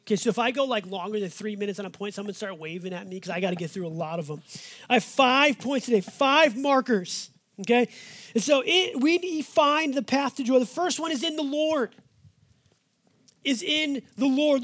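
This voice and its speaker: High-pitched husky male pastor. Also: fairly bright tone. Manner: conversational and folksy, slowing down to stress scripture. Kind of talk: sermon.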